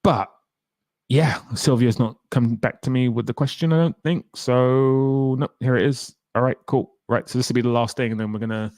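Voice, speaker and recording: Reading out chat comments as he goes, a young male streamer answers viewer questions in a chatty, opinionated manner during a casual livestream. His voice is medium-pitched and a little mellow, with a moderate pace. The sound is dry and studio quality.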